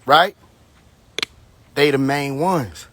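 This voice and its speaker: A man's voice: medium pitch, extremely slow, a bit bright, slight background noise. A man hosting a casual livestream on his phone, talking bluntly and profanely in a long, rambling, tipsy monologue. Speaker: live stream host. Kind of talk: casual live stream monologue.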